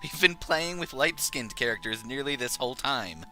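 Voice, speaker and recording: A man's voice: mid-range voice, expressive, moderate pace, sharp tone, soft background music, low-quality recording. A man chatting and joking casually while streaming a video game. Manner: playful, joking.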